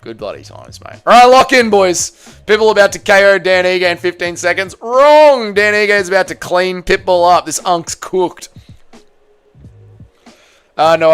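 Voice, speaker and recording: Australian streamer guy, slightly high, smooth and clear, loose sweary banter with chat. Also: fairly quick, fairly bright tone, soft background music. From Tasmania, Australia. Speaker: livestream host. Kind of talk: casual livestream chat reacting to fights and chat.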